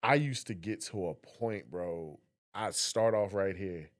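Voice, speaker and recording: Low-voiced man, animated storyteller. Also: unhurried. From Southern West Virginia. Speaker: podcast co-host. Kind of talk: casual conversation.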